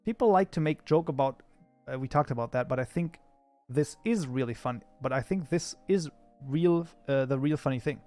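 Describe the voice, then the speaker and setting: A man's voice: mid-range voice, animated, moderate pace, a little mellow, soft background music. A man whose first language is German, chatting casually with his live-stream chat while coding, often breaking into mock outrage. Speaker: streamer, mod programmer.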